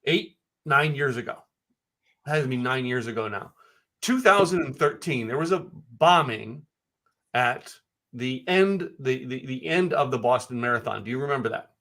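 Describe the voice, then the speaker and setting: A man's voice: medium pitch, animated, moderate pace, fairly bright tone. A man co-hosting a business podcast, chatting casually, emphatic and prone to repeating words. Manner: emphatic, repeats words, asks pointed questions. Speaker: podcast co-host. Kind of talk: casual chat.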